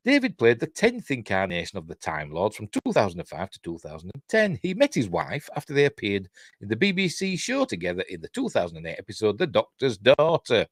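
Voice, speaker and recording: A man's voice: fairly low pitch, huge pitch swings, brisk, slightly rough, dry recording, studio quality. An older man with a Yorkshire accent hosting a live-stream news show, reading entertainment stories aloud with chatty, rambling asides and self-mocking jokes.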